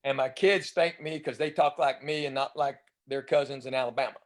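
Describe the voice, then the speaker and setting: A man's voice: mid-range voice, steady tone, a little fast. A man in his fifties from East Tennessee with a Southern accent, telling chatty anecdotes as a guest comedian and enunciating his drawl. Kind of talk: casual storytelling interview.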